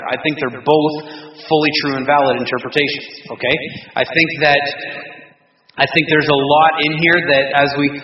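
A man teaching a casual Bible study to a group of men, rambling with restarts, joking and chuckling as he goes. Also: on the high side. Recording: roomy distant dull recording with faint noise.

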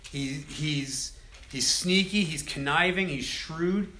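A man teaching a casual Bible study, retelling scripture with conversational, animated storytelling. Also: fairly high pitch, slow pace.

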